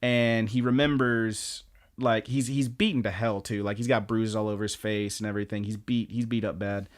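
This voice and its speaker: A podcast co-host with a lowish voice, speaking at normal speed, recaps anime episodes casually. He tells it in an animated, storytelling way and swears now and then.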